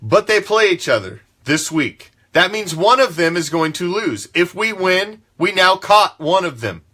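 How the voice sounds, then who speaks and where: A man ranting as a sports talk host, swearing freely and hammering his points. His voice sits high and swings widely up and down, with a bright, forceful edge. He keeps the tone emphatic and fired-up. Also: sing-song, a little slow. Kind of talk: fan sports commentary rant.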